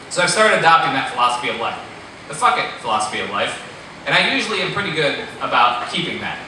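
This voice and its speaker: A man telling a funny personal story on stage, animated, laughing at himself and swearing freely. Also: a little high, fast. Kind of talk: live storytelling. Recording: echoey hall, distant mic, noisy.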